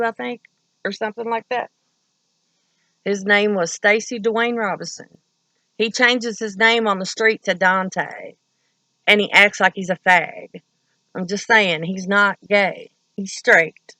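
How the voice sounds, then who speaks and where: A woman's voice: medium pitch, pushed and bright, dry recording, poor audio. A woman from Kentucky telling stories in a rambling, profane, blunt way. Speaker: vlogger. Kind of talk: casual storytelling.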